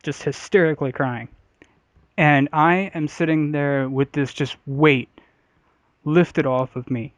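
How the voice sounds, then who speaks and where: A man's voice: on the high side, steady tone, slow, dry recording. A man co-hosting a casual comedy podcast, telling a story bluntly and profanely with lots of uhs and likes. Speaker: podcast co-host. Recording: slightly dull podcast audio.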